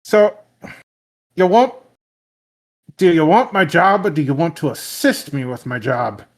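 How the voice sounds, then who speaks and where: A man's voice: a little high, sing-song, measured pace, exaggerated voice. A man voicing a proud, touchy guild boss who scolds a youngster in a tabletop game. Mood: haughty. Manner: haughty, scolding.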